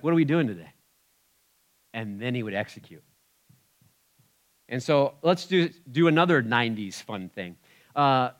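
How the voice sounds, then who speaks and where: A male pastor delivering a sermon in an animated, conversational way. His voice sits in a middle pitch, and he swings between loud, emphatic bursts and hushed asides.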